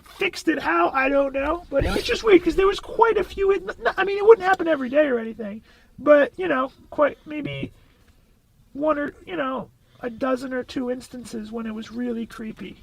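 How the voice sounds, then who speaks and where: A man's voice: extremely high pitch, creaky, low-quality recording. A man chatting casually on a podcast, hedging and repeating himself as he describes strange noises.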